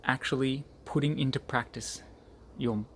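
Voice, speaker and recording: A man's voice: medium pitch, fairly even intonation, moderate pace, a bit bright, a little hiss or hum. Earnest man giving a pep talk. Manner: earnest, repetitive for emphasis. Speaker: group leader. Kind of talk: motivational talk.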